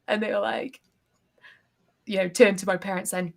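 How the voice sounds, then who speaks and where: A woman with a British accent recounts her story as a podcast guest, animated and quick to act out what others said. Her voice sits in the middle range for a woman. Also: medium pitch, gravelly. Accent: British English. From England. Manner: animated storyteller, acts out quotes. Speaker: interview guest. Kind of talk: casual storytelling in an interview.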